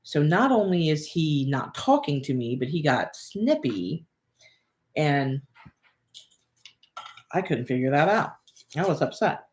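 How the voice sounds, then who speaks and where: A woman's voice: low-pitched, very animated, slow pace, long pauses, a little mellow. A woman co-hosting a relationship talk, telling a personal story in a candid, casual way and repeating phrases as she thinks aloud. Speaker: relationship coach and co-host.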